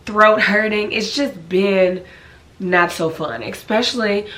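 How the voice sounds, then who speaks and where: Raspy-voiced woman vlogger with a cold. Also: medium pitch, takes it slowly, fairly bright tone. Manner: chatty, friendly, with many likes and ums. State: hoarse from a cold; easily out of breath. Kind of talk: casual chat to camera.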